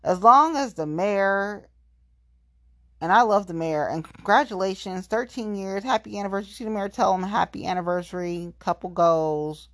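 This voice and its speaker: A woman venting in a casual, profane monologue, with sudden jumps up in pitch when she gets heated. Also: moderate pace, a bit bright, dry recording.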